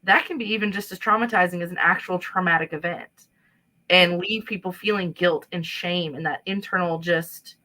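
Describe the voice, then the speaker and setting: A woman speaking as a panel guest in a casual discussion, explaining in a quick, animated way. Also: lowish voice, low-quality recording.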